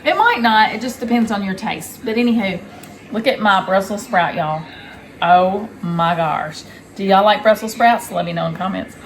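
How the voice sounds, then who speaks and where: A woman hosting a home cooking vlog. She chats warmly and directly to her viewers and raves about the food. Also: mid-range voice, normal speed. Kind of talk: casual cooking vlog chat. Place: home kitchen.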